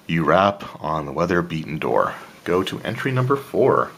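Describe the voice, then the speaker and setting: Deep-voiced man reading a solo gamebook aloud. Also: sing-song, normal speed, fairly bright tone, a little hiss or hum. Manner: casual, with asides and throat-clearing. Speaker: player of a solo tabletop adventure.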